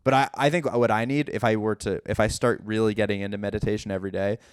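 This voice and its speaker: A man's voice: on the low side, fairly even intonation, fast talker, smooth, no echo, studio quality. A young man, a comedian from Philadelphia, chatting casually on a podcast, rambling with many fillers and the odd swear word. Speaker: guest comedian.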